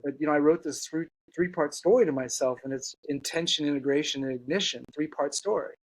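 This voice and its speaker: A man telling an earnest personal story as a guest, halting, with many restarts and fillers. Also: fairly high pitch, breathy edge, no echo, low-quality recording.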